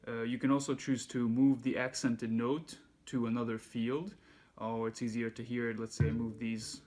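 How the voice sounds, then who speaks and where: Male music teacher, mid-pitched, easygoing, patient instructor tone, faint instrument underneath. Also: normal speed. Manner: relaxed, patient explaining, counts beats aloud while playing. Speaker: handpan teacher. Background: handpan music.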